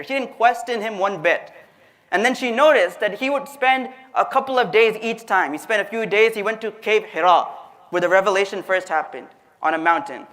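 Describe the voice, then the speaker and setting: A man's voice: high voice, expressive, a little fast, fairly bright tone. A man giving a conversational, storytelling religious lecture, speaking directly to his audience. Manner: conversational, addresses the audience directly, acts out quotes. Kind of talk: storytelling sermon.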